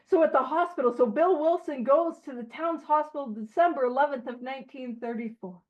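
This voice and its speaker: A woman leading a recovery book study, talking in an animated, joking, self-deprecating way. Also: sits high, fairly quick. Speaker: study leader. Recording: dull lo-fi recording.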